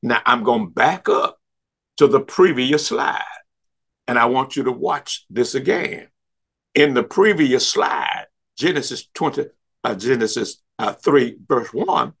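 Emphatic, husky-voiced man teaching Bible study. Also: medium pitch, lively intonation, fairly bright tone. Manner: emphatic, repeats words and stumbles on restarts; stretches key words slowly for emphasis. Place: church.

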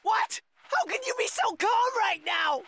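A woman's voice: very high-pitched, big pitch swings, a little slow, creaky, bright, forceful tone, shouting, a little hiss or hum, exaggerated voice. A woman voicing a cowardly, whiny teenage boy swordsman who shrieks in melodramatic panic, in an anime fan dub. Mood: shocked.

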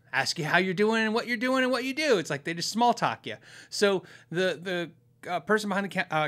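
A man's voice: fairly high pitch, sharp tone. A man hosting a podcast, telling a story in a chatty, self-deprecating way and acting out the other people in it. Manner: chatty, self-deprecating, acts out quoted voices. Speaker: podcast host. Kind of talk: casual storytelling.

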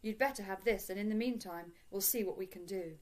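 A practical lifeguard speaks in a matter-of-fact, doubtful way, as a woman reading a storybook puts him on. He sounds sensible and unhurried. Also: mid-range voice, lightly acted.

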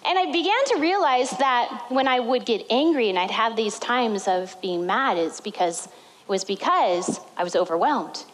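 A woman pastor delivers a sermon from a church stage through a microphone. Her voice sits a little high. She tells her stories with animated, dramatic retellings. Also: moderate pace, rough recording.

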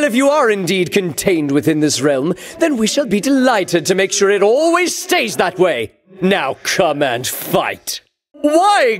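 Pompous boastful hero champion. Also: male voice, high-pitched. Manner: grandiose, theatrical taunting. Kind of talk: video game voice acting.

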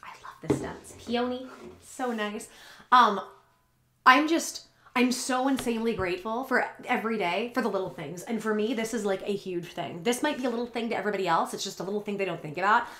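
A woman vlogger speaks to her audience in a rambling, heartfelt way. She sounds close to tears, and her voice wavers as she talks. Her pitch sits at a middling level for a woman. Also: fast, pushed and bright, a little hiss or hum. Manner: tearful, rambling, earnest. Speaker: YouTuber. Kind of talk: emotional confessional vlog.

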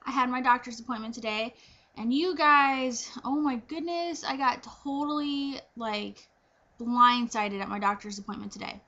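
Bright, high-voiced chatty pregnant woman. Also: moderate pace, lo-fi sound. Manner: chatty, animated storytelling with many fillers and quoted reactions. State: heavily pregnant. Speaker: pregnancy vlogger. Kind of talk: casual chat to camera.

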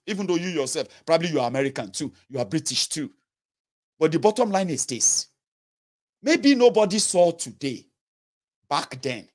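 Nigerian man in his 30s, Yoruba accent, fairly high voice, earnest pleading commentary to camera. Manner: earnest, pleading, code-switching into Pidgin and Yoruba. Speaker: political commentator. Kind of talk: impassioned direct-to-camera monologue.

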